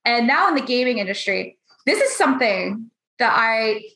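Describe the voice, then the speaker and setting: A woman's voice: a little high, animated, moderate pace, sharp tone. Candid hungover woman venting on a call, swears a lot, mimics people, echoey room. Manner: blunt, candid, swears freely; acts out others' lines in quoted voices. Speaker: roundtable guest. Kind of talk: casual chat. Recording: roomy echo.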